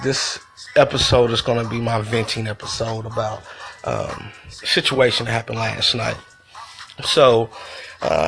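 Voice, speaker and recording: Male host, gravelly voice, mid-range pitch, loose profane venting monologue. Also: a bit bright. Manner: profane, conversational, loose storytelling. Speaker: podcast host. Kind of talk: casual venting story.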